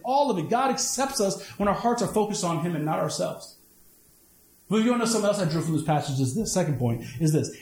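A man's voice: high-pitched, a little mellow. A male pastor preaching a sermon with energy, repeating phrases for emphasis. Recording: echoey room.

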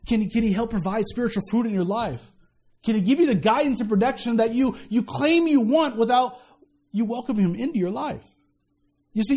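A man with a strikingly high voice delivers a sermon at a church service. He talks to the congregation in a casual, lively way, stumbling into restarts and tossing off quick asides. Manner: conversational and animated, with many restarts and quick asides. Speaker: pastor.

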